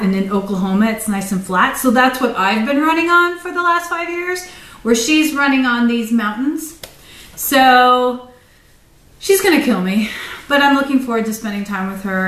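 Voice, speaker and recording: Woman, casual livestream pep talk, rambling, higher voice, roomy sound, distant from the mic. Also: a bit bright. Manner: rambling, goes off on tangents. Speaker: running and fitness motivator. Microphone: phone livestream.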